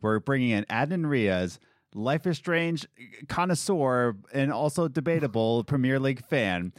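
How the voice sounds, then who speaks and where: A man's voice: mid-range voice, dry recording, studio quality. A man hosting a casual podcast, reading out quiz questions and joking with his guests. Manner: animated, laughing, quizzing a guest. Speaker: podcast host.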